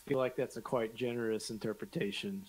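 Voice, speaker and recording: A man's voice: medium pitch, fairly even intonation, a little fast, breathy edge, low-quality recording. A man in a casual podcast chat, making wry jokes. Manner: wry, joking.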